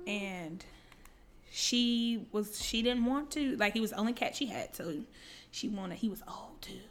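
A woman's voice: mid-range voice, a little slow, slight background noise. A woman co-hosting a podcast, telling funny work stories in casual chat, laughing often and mimicking the people she describes. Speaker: podcast co-host.

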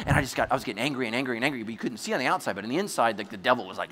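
A man preaching a sermon, telling a story with animated energy and sudden shouts. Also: mid-range voice, rapid-fire, hardly any pauses, long reverb tail. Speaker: pastor.

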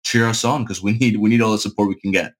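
A man joining a podcast as a guest, talking in a relaxed, easygoing way with some fillers. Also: fairly low pitch, quick pace, a little hiss or hum. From United States. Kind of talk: casual podcast chat.

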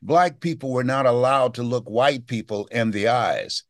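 A man's voice: medium pitch, expressive, normal speed, dry recording, studio quality. A man in his seventies, a motivational speaker telling a story in an interview, acting out the voices of the people in it. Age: 70s. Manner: dramatic storyteller, acts out quoted voices.

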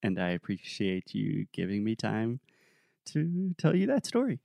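Man, young adult, podcast co-host, casual storytelling, relaxed, lots of fillers, low voice, dry close sound. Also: a little slow, creaky, no echo.

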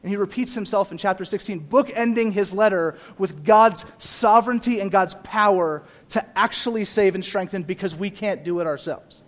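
Animated young preacher with a high voice. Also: male voice, moderate pace, hardly any pauses. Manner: animated preaching, swings from quiet asides to loud emphatic repeats. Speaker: pastor. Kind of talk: sermon.

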